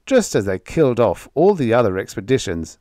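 A man's voice: mid-range voice, big pitch swings, fairly quick, warm tone, dry recording, studio quality, natural voice. A man voicing a stern, dutiful male alien pilot who speaks indignantly and bossily.

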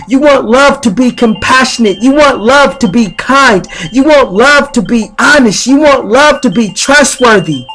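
A man leading guided spiritual affirmations in slow, repetitive, chant-like phrases. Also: extremely high pitch, a bit bright. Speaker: spiritual speaker.

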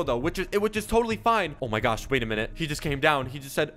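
A man giving excitable gameplay commentary with dramatic reactions. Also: on the high side, quick pace, hardly any pauses, faint music behind. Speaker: gaming YouTuber.

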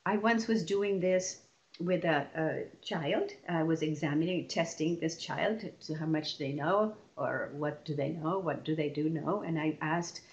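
A woman leading a lesson for teachers, explaining patiently and stretching example words out slowly. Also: sits low, a little mellow. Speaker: teacher trainer.

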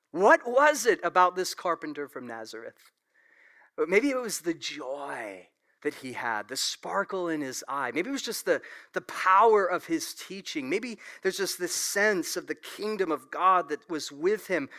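A man preaching in a church, his pitch swinging widely as he tells stories and throws in quick laughs. His voice is bright and sits a bit high for a man, and he keeps an easy, conversational pulpit manner. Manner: animated storytelling with laughs and asides. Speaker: pastor. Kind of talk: sermon. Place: church sanctuary.

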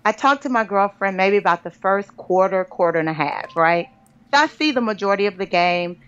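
A woman author, a podcast guest, telling a personal story in an animated, conversational way and calling listeners "girl". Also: medium pitch, fairly quick, clean tone. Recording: dull lo-fi podcast audio.

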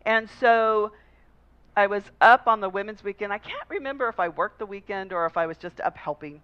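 A woman pastor preaches by telling personal stories in a relaxed, conversational way. Her voice sits at a middle pitch. The recording is slightly dull and lo-fi. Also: a little fast, clean tone. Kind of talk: sermon.

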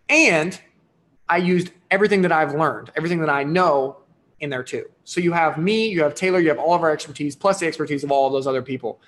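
A man with a fairly high voice delivering an energetic livestream sales pitch for his course. He talks in a pushy, excited way and keeps checking in with his audience. His tone is upbeat and persuasive. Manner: enthusiastic and pushy, with frequent "right?" and "here's the deal". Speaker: online course creator hosting a live sales stream.

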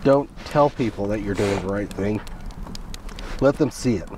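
Halting man in a casual outdoor chat. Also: fairly low pitch, mellow, far from the mic, a little hiss or hum. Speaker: podcast co-host. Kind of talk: casual religious discussion.

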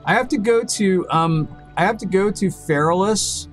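A man's voice: sits high, moderate pace, faint music behind. A man streaming a video game, chatting casually with viewers and repeating himself as he rambles. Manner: rambling, repeats words and restarts often. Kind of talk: casual live-stream chat while gaming.

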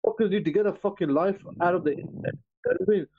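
A man's voice: high-pitched, very fast, a little hiss or hum. A man hosting a live stream, joking around crudely and swearing often, with a teasing, repetitive way of talking. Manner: swears freely, teasing, repeats "you know what I mean". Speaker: stream host. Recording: dull lo-fi stream audio.

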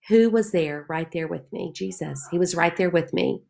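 A woman's voice: on the low side, normal speed, gravelly, a little mellow. A woman leading a Bible study, reading scripture aloud and speaking to listeners in an earnest, heartfelt way. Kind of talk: devotional Bible teaching.

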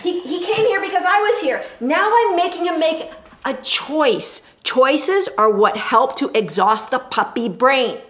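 A woman's voice: sits high, expressive, unhurried. A woman dog trainer giving a chatty live demonstration, explaining as she goes and breaking into bursts of cheery praise for a puppy. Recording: echoey room with faint noise.

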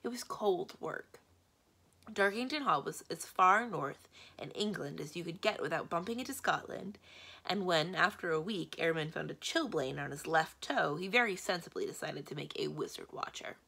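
A woman librarian reading a children's novel aloud, telling the story with steady, expressive narration. Her voice is lowish and bright, with a gravelly texture. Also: moderate pace.

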